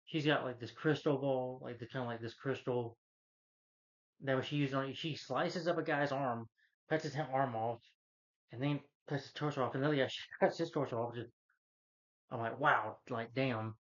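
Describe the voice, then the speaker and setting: A man's voice: medium pitch, fairly even intonation, moderate pace, muffled recording. A man casually recapping a film as a reviewer, rambling with lots of "you know" and "like". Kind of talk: casual spoken movie recap.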